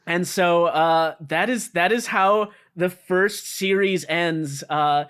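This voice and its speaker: A man's voice: high-pitched, takes it slowly, a bit bright, clear, resonant tone. A man co-hosting a casual podcast, retelling a story with many fillers and restarts. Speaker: podcast co-host explaining the story. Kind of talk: casual chat.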